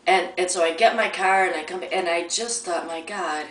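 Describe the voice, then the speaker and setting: A woman's voice: lowish voice, moderate pace, fairly bright tone. Woman, casual storytelling, rambling and chatty, distant mic, echoey room at home. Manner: chatty, rambling, with many restarts. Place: at home, near a coffee maker. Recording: roomy sound from a distant mic.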